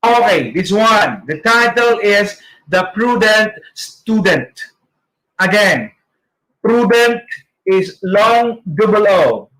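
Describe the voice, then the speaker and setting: A Filipino man leads a pronunciation lesson in a high, light voice. He speaks slowly and deliberately, drawing out each sound. The room around him rings with echo. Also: a bit bright. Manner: slow, deliberate, models sounds for repetition. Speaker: teacher. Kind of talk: pronunciation lesson, reading drills aloud. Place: online training session.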